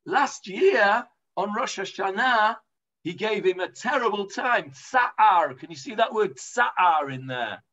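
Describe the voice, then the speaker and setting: A man's voice: high voice, lively intonation, slow, bright, forceful tone, muffled recording. A man with an English accent teaching an informal Talmud class, chatty and full of hesitations. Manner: chatty explaining, lots of hesitations.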